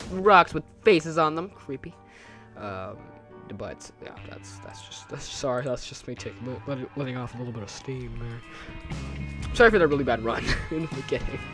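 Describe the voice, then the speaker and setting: A man's voice: medium pitch, expressive, moderate pace, over music. A young man hosting a casual let's-play, rambling, correcting himself, humming and joking to himself as he plays. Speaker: gaming channel host.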